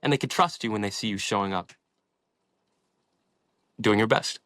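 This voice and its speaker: A man's voice: lowish voice, normal speed, a bit bright, no echo. A young man in his twenties, a podcast guest, telling his story in a passionate, inspirational way and swearing freely. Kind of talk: casual storytelling in an interview.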